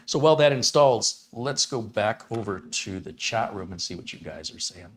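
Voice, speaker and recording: American male streamer, lowish voice, casual live tech demo host. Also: moderate pace. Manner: relaxed, chatty, reads chat names aloud. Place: home studio.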